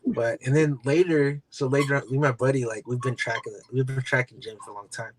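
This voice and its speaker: A man's voice: medium pitch, fast talker, slight background noise, rough recording. Storytelling man on a comics podcast. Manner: animated anecdotes, acts out quoted voices. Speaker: podcast host. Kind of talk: casual chat, storytelling.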